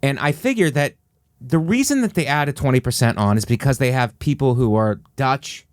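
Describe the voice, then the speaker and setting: Podcast host, man, mid pitch, lively storyteller doing bits, dry close sound. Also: moderate pace, no room sound. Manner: animated storytelling, acts out quotes. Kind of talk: casual comedic chat.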